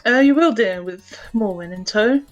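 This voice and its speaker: Woman plays a kindly townswoman, soft and gentle, faint music under. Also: medium pitch, lively intonation, normal speed, dull audio, lightly acted. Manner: gentle, calls people dear.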